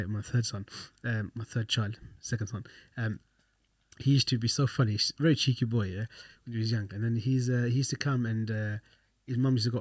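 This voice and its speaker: A man's voice: mid-range voice, a little mellow, no echo, clean studio sound. A man co-hosting a casual podcast chat, explaining things in a reassuring way as an experienced father. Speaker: podcast co-host.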